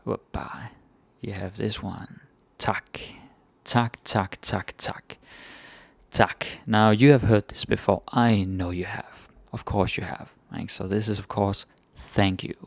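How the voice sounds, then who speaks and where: A young man with a Danish accent teaches a relaxed language lesson, repeating each word slowly for learners. His voice is low and gravelly, and he talks at an unhurried pace. The recording is dry and close. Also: no room sound.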